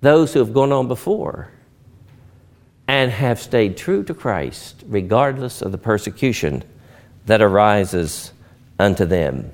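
A male pastor preaching a sermon, earnest, building to loud emphatic swells and slowing for solemn pauses. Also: fairly low pitch, sing-song.

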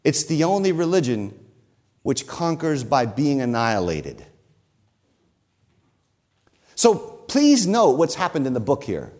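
A male pastor preaching a sermon, his voice set a little higher than most men's. He speaks emphatically and draws out the key phrases to drive his point home. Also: huge pitch swings, normal speed, a little mellow.

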